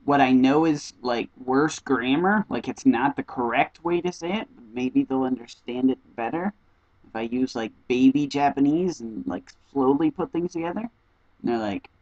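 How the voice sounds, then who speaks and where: A young man telling stories in a casual vlog, animated and jumping into high squeaky voices whenever he quotes someone. His speaking voice sits at an ordinary middle pitch. The sound is a little dull and lo-fi, like an old webcam mic. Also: moderate pace, dry recording. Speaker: exchange student vlogger.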